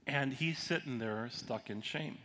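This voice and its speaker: A man's voice: mid-range voice, measured pace, fairly bright tone. A man who is a pastor and counselor, teaching a sermon in a conversational way and asking his audience questions. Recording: long hall reverb, faint noise.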